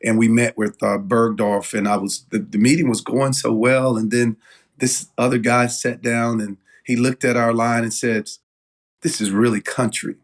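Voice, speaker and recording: A man from talks as an interview guest, telling stories in a loose, lively way. His voice sits at an ordinary middle pitch, and he often stops and restarts with "uh" and "like.". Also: moderate pace. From Knoxville, Tennessee. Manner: animated storyteller, many fillers and restarts. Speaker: guest, business owner. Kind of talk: casual storytelling interview.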